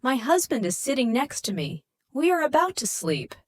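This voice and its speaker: Woman narrator playing an anxious agitated wife, raised high voice, dry audiobook recording. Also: big pitch swings, moderate pace, no room sound. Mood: upset. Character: worried woman woken by a late call.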